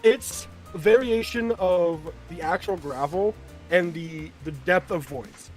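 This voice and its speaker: A man's voice: on the high side, a little slow, creaky, faint music behind. A man chatting casually with amusement during a live stream. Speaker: co-player.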